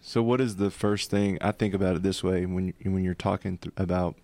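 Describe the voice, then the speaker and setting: A man's voice: deep voice, fairly even intonation, brisk, a little mellow, no echo. A man co-hosting a podcast, asking questions and joking in casual chat. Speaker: podcast co-host.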